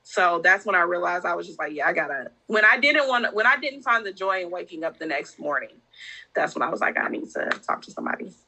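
A woman speaking as a podcast guest, telling a personal story in a candid, heartfelt, animated casual conversation. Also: lowish voice, quick pace, breathy edge, poor audio.

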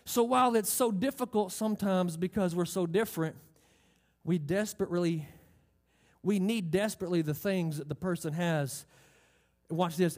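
A man's voice: sits high, moderate pace, darkish tone. A man preaching a sermon, emphatic, drawing out key phrases and asking the congregation questions. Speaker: pastor.

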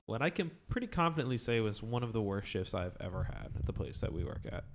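A young man hosting a casual podcast, telling work stories in a relaxed way with many fillers. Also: on the low side, fast talker, slight background noise. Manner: relaxed storyteller, hedging with fillers. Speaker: podcast host.

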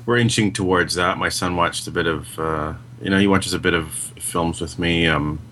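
A male podcast co-host with a very deep voice and a crisp, bright edge. He talks casually and haltingly, restarting his sentences often and slipping in dry quips. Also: fairly even intonation, a little hiss or hum.

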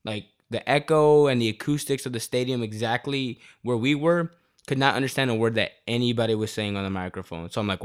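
A man in his twenties talking in casual chat, telling stories in an animated, profane and slangy way. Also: mid-range voice, a little fast, clean tone.

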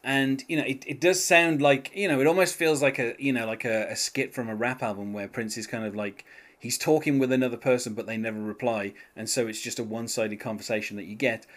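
A man's voice: medium pitch, steady tone, a little fast. A man hosting a casual music podcast, talking hesitantly with many restarts and light laughs. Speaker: podcast host.

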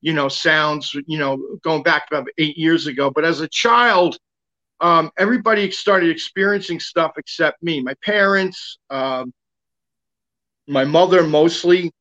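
A man's voice: a little high, a little slow, pushed and bright, muffled recording. A man guest telling a long personal story in casual talk, rambling with lots of fillers and restarts.

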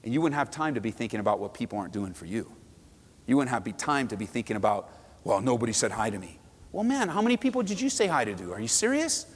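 Lively male pastor in a reverberant hall. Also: medium pitch, fast talker, husky. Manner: animated, acts out quoted voices, asks the crowd. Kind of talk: sermon. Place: church sanctuary.

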